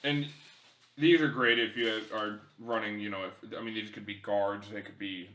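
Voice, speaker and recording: Guy with a lowish bright voice gushing about minis, echoey room. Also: fairly even intonation, normal speed. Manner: enthusiastic, repeats himself often. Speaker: co-host reviewing miniatures. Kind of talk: casual unboxing chat.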